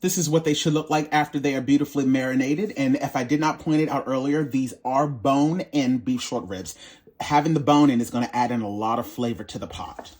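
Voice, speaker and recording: Cooking host, male, mid-pitched, playful and sassy, chatty tutorial delivery. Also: fairly quick, darkish tone. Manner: sassy, playful, calls viewers baby and honey.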